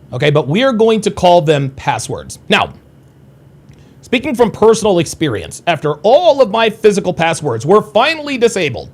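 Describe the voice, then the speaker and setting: A man hosting a solo dating-advice podcast, lecturing his listeners emphatically and often tagging lines with "okay?" and "right?". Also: high-pitched.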